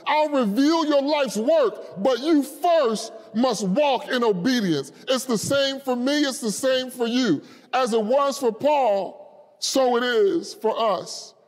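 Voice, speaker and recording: Man preaching slow n fired up, real high voice, big echoey church. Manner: impassioned preaching, rising to shouts at climaxes. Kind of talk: sermon. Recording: long hall reverb.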